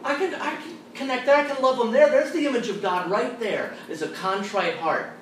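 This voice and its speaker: Animated Catholic speaker in an echoey hall. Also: male voice, extremely high pitch, normal speed, recorded from a distance. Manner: animated, humorous, acts out quoted people. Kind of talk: storytelling talk to a college audience. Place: large hall at a college. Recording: echoey room miked from afar with background noise.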